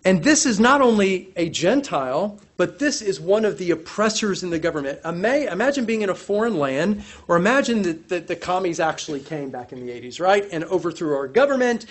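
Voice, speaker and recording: A man preaching a sermon, animated and lively, briefly acting out the voices of the people he quotes. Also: high voice, fairly quick, few pauses. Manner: animated, acts out quoted voices, repeats words. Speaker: pastor.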